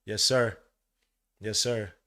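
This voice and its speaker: A man hosting a live sports watch-along podcast, talking in casual slang and swinging from low mutters to loud cheering. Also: fairly even intonation, slow. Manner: casual slang, calls listeners bro and son. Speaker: podcast host.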